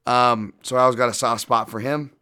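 A man hosting a fight podcast, breaking down bets in a profane, animated and self-deprecating way. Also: medium pitch, fairly quick, clean tone. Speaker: podcast host and fight analyst. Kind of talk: casual betting-podcast breakdown.

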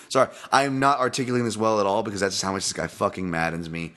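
Man, betting podcast host, low voice, rambling, swears a lot, gets worked up. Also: fairly even intonation, racing, hardly any pauses, sharp tone. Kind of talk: casual fight-betting commentary.

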